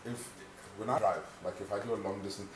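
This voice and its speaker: A man's voice: on the low side, quick pace. A man co-hosting a casual podcast, telling stories with acted-out quotes and some swearing. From South Africa. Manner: animated storyteller, acts out quotes, swears. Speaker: podcast co-host. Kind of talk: casual chat. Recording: echoey room, mic at a distance, noisy.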